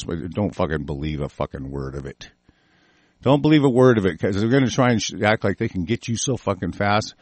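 A man's voice: on the low side, lively intonation, a little fast, a little mellow, no room sound. A man hosting a show, ranting angrily and swearing constantly as he rambles through the news and reads parts of it aloud. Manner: angry, cursing, rambling. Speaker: talk show host. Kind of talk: profane ranting commentary.

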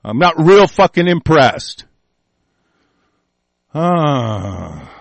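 A man's voice: fairly high pitch, big pitch swings, drawn-out words, vocal fry, no room sound. A man hosting a talk radio show, delivering a furious, profane, threatening tirade. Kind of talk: angry on-air rant.

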